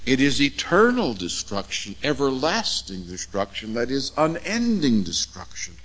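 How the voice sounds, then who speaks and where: A man preaching an expository sermon, measured and emphatic, with deliberate pauses on key words. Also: medium pitch, wildly swooping pitch, a bit bright, low-quality recording.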